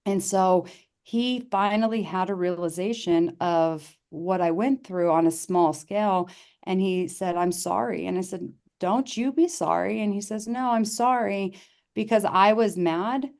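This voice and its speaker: A woman's voice: lowish voice, steady tone, unhurried, darkish tone, clean tone. A middle-aged woman, a podcast guest, telling a personal story in casual conversation, earnest and heartfelt, often restarting her sentences and acting out what people said. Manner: earnest, with many restarts and reenacted dialogue.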